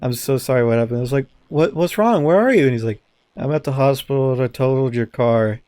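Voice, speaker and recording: Talking fairly quickly at medium pitch in a dry recording, a man co-hosting a podcast tells a story in casual chat. He is an animated storyteller who swears often and acts out the quotes.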